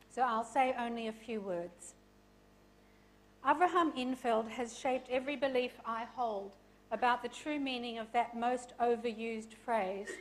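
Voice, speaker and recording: A woman's voice: on the high side, normal speed, rough recording. A woman hosting an event, reading a formal, earnest introduction of the guest speaker.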